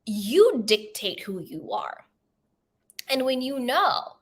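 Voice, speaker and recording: A woman's voice: high voice, expressive, takes it slowly, fairly bright tone. A woman self-help coach giving an emphatic, conversational motivational talk straight to camera, repeating her key points.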